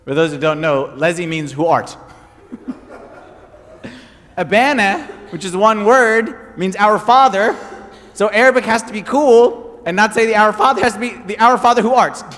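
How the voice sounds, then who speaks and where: A man preaching a sermon as pastor, telling stories with animated, emphatic repetition. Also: sits high, unhurried, big-room sound.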